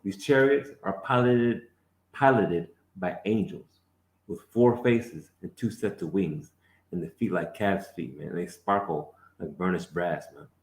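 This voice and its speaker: A man's voice: sits low, a little slow. A man preaching a fiery sermon, leading a class and calling out prompts to a reader. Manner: emphatic, calls out prompts, tags lines with "man". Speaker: lead teacher of the class. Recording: echoey room.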